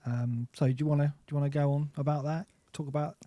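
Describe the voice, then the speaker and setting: Higher-pitched man on a dry podcast mic. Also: flat delivery, fast talker, warm tone, dry recording. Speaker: podcast co-host. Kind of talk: casual podcast chat. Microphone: desk mic into podcast mixer.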